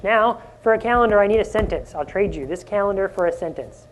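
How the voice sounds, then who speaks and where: A man presenting a live conference workshop, energetic and often asking the audience questions. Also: high-pitched, fast talker, a little hiss or hum. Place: conference room.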